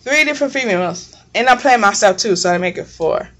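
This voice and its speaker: A woman's voice: medium pitch, animated, a little fast, fairly bright tone. A young woman vlogger telling a long story in a casual, blunt and profane way, rambling as she goes. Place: home kitchen.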